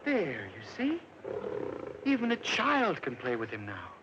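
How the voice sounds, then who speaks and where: An actor playing a meek, gentle man who loves animals, talking softly and humbly politely, in a 1950s film. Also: on the high side, wildly swooping pitch, unhurried. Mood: gentle coaxing. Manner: soft, coaxing, humbly polite. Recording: dull, hissy 1950s film soundtrack.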